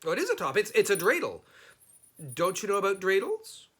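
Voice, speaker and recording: A man's voice: high voice, huge pitch swings, fairly quick, fairly bright tone, pitched above the performer's own voice, full character voice. A man voicing a clever, unflappable folk hero in a storybook reading, cheerful and teasing.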